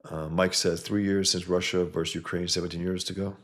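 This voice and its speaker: A man's voice: low-pitched, little pitch movement, brisk. A man hosting a casual livestream, reading chat comments and rambling bluntly, often trailing off mid-sentence.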